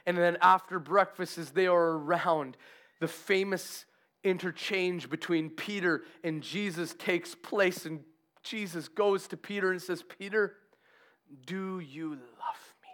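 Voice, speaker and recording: Guy preaching w a high voice, storytelling, acts out the quotes, gets loud then drops to a whisper. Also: measured pace. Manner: animated storytelling, acting out quotes. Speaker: pastor. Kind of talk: sermon.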